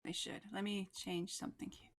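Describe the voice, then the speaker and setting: A woman hosting a casual livestream interview show, chatty and bubbly and quick to laugh. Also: medium pitch, level tone. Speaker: host.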